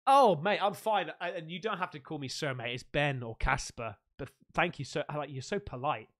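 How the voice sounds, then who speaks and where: A man's voice: a little high, brisk, fairly bright tone. Male host, cheeky banter, chatty and informal. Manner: jokey, laughing, calls everyone mate. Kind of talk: casual chat.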